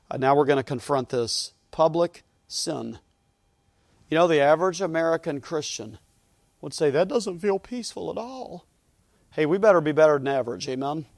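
A man preaches with earnest conviction, his fairly high voice building in emphasis as he repeats key phrases. The sound is dry and close, with little room echo. He speaks as a pastor addressing his congregation. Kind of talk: sermon. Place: church.

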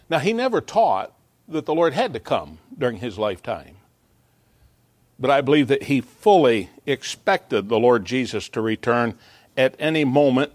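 A man's voice: medium pitch, no room sound. A man preaching a sermon as pastor, earnest and building to emphatic peaks, with small stumbling asides.

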